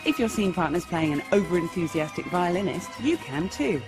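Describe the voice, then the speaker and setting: A woman's voice: lowish voice, a little fast, hardly any pauses, soft background music. A woman giving a playful, scripted lesson on improv comedy. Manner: playful, lively, jumps into character voices. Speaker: improv teacher. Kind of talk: scripted instructional narration.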